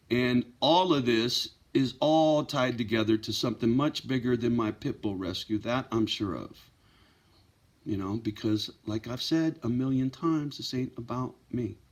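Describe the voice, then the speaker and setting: A man running a pit bull rescue channel, talking bluntly and emotionally to his viewers in a profane, heartfelt vlog. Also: medium pitch. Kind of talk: candid direct-to-camera vlog.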